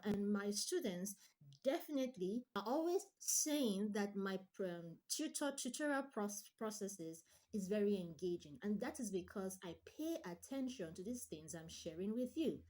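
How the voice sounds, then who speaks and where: A woman online tutor speaks at a medium pitch, giving an emphatic instructional talk. She drives her points home through deliberate repetition.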